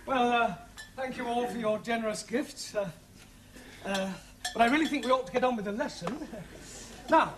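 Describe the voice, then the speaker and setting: A patient, exasperated teacher. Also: male voice, very high voice, normal speed, pauses often. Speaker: English teacher. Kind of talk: sitcom acting. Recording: noisy TV audio.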